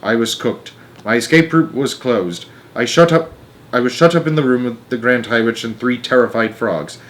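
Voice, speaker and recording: A man's voice: mid-range voice, normal speed. Man reading a children's book aloud. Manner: lively, dramatic reading. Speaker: storyteller.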